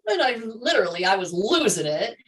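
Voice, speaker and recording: A woman's voice: mid-range voice, animated, unhurried, distant mic, poor audio. Emphatic woman telling her story. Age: middle-aged. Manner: emphatic, repeats key phrases, laughs often. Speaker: health coach hosting a livestream. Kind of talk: casual personal story to viewers.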